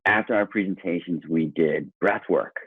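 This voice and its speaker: An earnest, enthusiastic man talking casually on a podcast, his voice deep and a little husky. The sound is thin and phone-like, and very dry. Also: moderate pace, dry recording. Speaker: guest. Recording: tinny phone-line sound.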